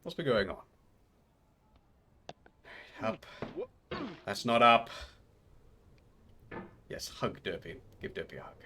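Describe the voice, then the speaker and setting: A man's voice: on the low side, animated, slow, pauses often, sharp tone, a little hiss or hum. A man streaming a frustrating game live, chatting with viewers and groaning at failures, out of breath. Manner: exasperated, talks to chat between groans and yelps.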